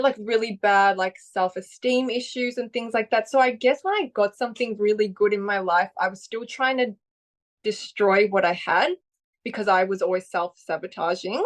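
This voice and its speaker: A woman, a podcast guest, telling her personal story in a rambling way full of "like" fillers and acted-out quotes. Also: medium pitch. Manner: rambling, frequent "like" fillers, acts out quoted voices.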